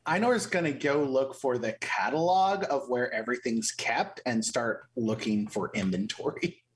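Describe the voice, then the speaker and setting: A man with a mid-range voice playing a tabletop game. He explains what his character is doing in quick bursts, with fillers like "um" and "like" in between. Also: mid-range voice. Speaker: player.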